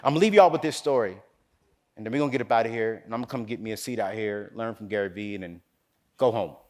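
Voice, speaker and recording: A man's voice: lowish voice, quick pace. A man from North Carolina giving a motivational speech, telling a story with preacher-like crescendos. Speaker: keynote speaker.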